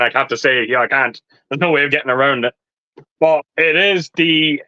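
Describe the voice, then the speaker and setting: A man's voice: medium pitch, bright, forceful tone, no echo. A man, a guest on a live stream, telling a rambling, apologetic story in casual chat. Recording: dull lo-fi stream audio.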